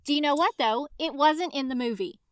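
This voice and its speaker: A woman co-hosting a book podcast in casual chat, telling things with animated enthusiasm. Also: high voice, brisk, no room sound, studio quality. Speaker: podcast co-host.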